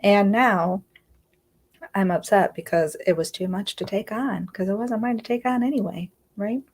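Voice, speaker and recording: A woman with a medium-pitched, slightly mellow voice talks at a moderate pace during a live stream. An inner healing coach, she offers earnest, confiding self-help, often checking in with "right?" and sometimes near tears.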